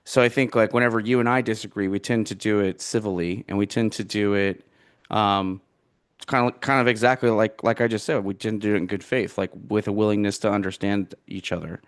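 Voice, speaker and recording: A man's voice: lowish voice, steady tone, brisk, smooth. Rambling man co-hosting a podcast. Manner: rambling, hesitant, many fillers. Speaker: podcast co-host. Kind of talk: casual political chat.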